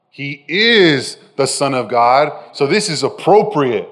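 A man preaching a sermon, animated and direct with his listeners, often dropping from loud emphasis to soft, intimate phrases. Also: medium pitch, slow pace, few pauses. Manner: addresses listeners directly with frequent "right?". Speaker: pastor.

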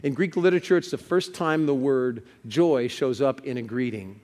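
A man's voice: medium pitch, normal speed, a little mellow, long reverb tail. A male pastor preaching a sermon, telling stories with building urgency.

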